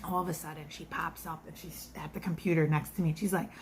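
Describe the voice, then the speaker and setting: A woman's voice: low-pitched, little pitch movement, fast talker, breathy edge. A middle-aged woman telling a rambling story in a casual confessional vlog. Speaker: vlogger.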